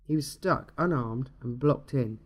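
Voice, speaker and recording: A man reading a dark short story aloud in a steady, measured storytelling manner. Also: medium pitch. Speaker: narrator.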